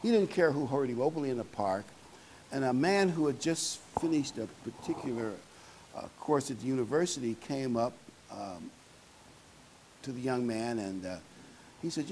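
A man's voice: medium pitch, expressive, moderate pace, darkish tone, a little hiss or hum, rough recording. A man preaching a sermon in a conversational, folksy way, with fillers and asides to the congregation.

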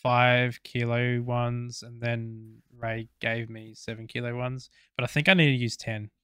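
A man's voice: medium pitch, level tone, a little slow, bright, forceful tone, clear, resonant tone, no room sound, studio quality. A young Australian man co-hosting a podcast, chatting casually and rambling with fillers and swearing. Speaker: podcast co-host. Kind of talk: casual chat.

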